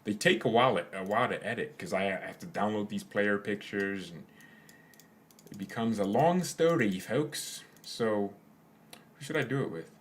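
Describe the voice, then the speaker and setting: A man's voice: fairly low pitch, animated, normal speed. Casting: young male channel host, casual and rambling, jokey asides to his viewers. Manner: rambling, joking, trails off into silly asides. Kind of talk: casual live chat with viewers.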